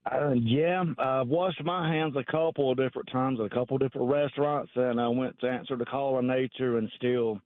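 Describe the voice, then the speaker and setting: A man's voice: medium pitch, steady tone, fairly quick, hardly any pauses, dry recording. Male radio caller on a tinny phone line. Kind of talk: phoning in on air.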